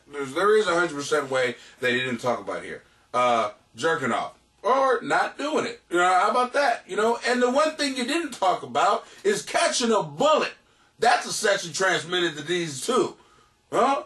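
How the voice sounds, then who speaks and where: A man hosting a comedy podcast, reading listener letters and answering them in a loud, crude, animated way. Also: high-pitched, normal speed, distant mic. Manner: loud, crude, animated, laughing at his own jokes. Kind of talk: casual profane comedic advice. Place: home basement.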